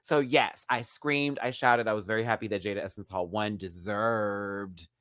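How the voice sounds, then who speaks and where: A man hosting a live review of a reality show, talking in an animated, slangy way. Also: fairly low pitch, a little fast, no room sound. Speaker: show host.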